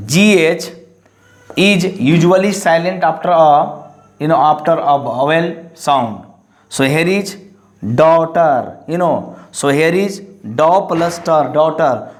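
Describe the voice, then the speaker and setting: Echoey, halting male English teacher. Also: a little high. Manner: repetitive, halting, many fillers. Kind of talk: classroom lesson explanation.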